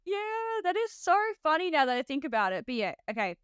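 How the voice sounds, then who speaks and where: A woman's voice: sits high, very animated, fast talker, a bit bright, clean tone, dry recording, clean studio sound. A woman with an Australian accent hosting a podcast as a nurse, chatty and laughing often, with lots of "like". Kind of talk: casual podcast chat.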